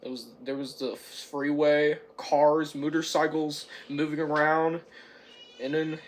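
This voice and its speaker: A man giving a rambling, casual movie review, halting and restarting with lots of fillers and repeated words. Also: on the high side, level tone, a little hiss or hum.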